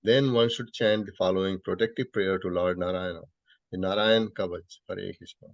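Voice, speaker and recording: A man reads scripture for a study group, chanting the verse slowly before reading the translation. The audio is dry and dull, as from a muffled call line. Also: sits low, fairly even intonation, gravelly, dry recording.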